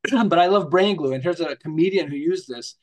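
An American marketing author appears as a guest in a storytelling interview, speaking at a normal pace in a fairly high voice. He's animated, acts out little scenes, hops from jokes to examples, and rambles, restarting his sentences as he talks.

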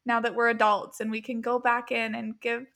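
A woman's voice: on the high side, little pitch movement, moderate pace, creaky, fairly bright tone. A woman mindset coach as a podcast guest, talking in an earnest, reflective casual chat with many ums and likes.

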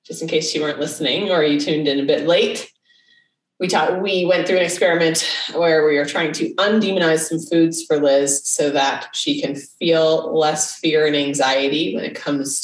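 A woman's voice: low voice, recorded from a distance. A woman co-hosting a podcast as a coach, talking in a casual, playful way and laughing easily. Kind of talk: casual chat. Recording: echoey room, off mic.

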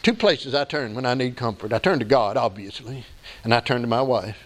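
A man's voice: medium pitch, a little fast. A male pastor preaching a sermon, with folksy asides and scripture quotes, his voice swinging up and down with emphasis.

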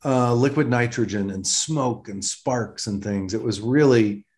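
A man's voice: medium pitch, measured pace, darkish tone. Joking man co-hosting a rewatch podcast. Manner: joking, incredulous asides. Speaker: podcast co-host. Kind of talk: casual recap chat.

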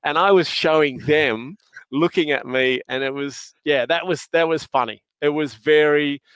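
A man's voice: on the high side, normal speed, a bit bright, clear, resonant tone, dry recording. Jovial Australian man telling stories. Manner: jovial, laughing storyteller with slang. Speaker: podcast guest. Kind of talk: casual chat.

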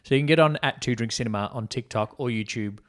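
A man's voice: mid-range voice, fast talker, fairly bright tone. A man co-hosting a casual film podcast, thinking aloud in a rambling way with plenty of ums. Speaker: podcast co-host. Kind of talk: casual film-review chat.

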